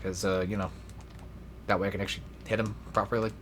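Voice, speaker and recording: A man's voice: fairly low pitch, flat delivery, fast, slight background noise. A young man giving casual gameplay commentary, rambling and swearing freely with self-deprecating asides. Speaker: let's play gamer.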